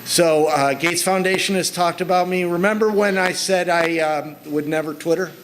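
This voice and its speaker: A man's voice: high voice, steady tone, normal speed, fairly bright tone, slight background noise, poor audio. A middle-aged man giving a talk to an audience, telling stories about his work in an earnest, conversational way. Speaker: speaker. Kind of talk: conference talk with slides.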